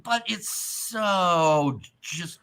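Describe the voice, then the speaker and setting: A man's voice: high voice, lively intonation, extremely slow, fairly bright tone, clean tone. A man co-hosting a casual sports podcast, ranting with lots of profanity. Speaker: podcast co-host.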